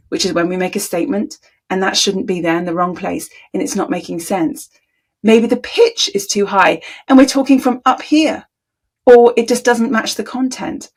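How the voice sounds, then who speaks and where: A woman coach talks straight to the camera with a slightly husky, breathy voice. She is deliberate and emphatic and leans on key words. Her pitch sits in a middle range. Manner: deliberate, emphatic, demonstrates tones aloud. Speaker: communication coach. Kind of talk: talking-head coaching video.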